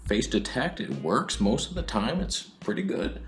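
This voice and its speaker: A man's voice: on the low side, huge pitch swings, normal speed, soft background music. A man giving a sarcastic, comedic camera review, swinging between whispers and outbursts.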